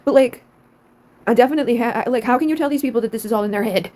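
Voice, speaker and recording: A woman's voice: on the high side, rapid-fire, darkish tone. A young woman ranting in a casual vlog, exasperated, swearing often and laughing between lines.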